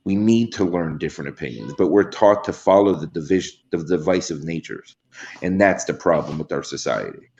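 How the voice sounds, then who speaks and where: A man's voice: low-pitched, darkish tone, lo-fi sound. A man speaking as a panel guest in a roundtable discussion, earnest and determined.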